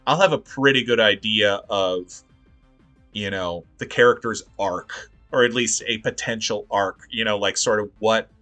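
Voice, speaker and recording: A man co-hosts a casual chat over a video call, his voice bright and forward. He talks in an animated, rambling way, circling his thoughts and laughing often. Faint music plays underneath. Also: fairly low pitch, moderate pace. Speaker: podcast co-host.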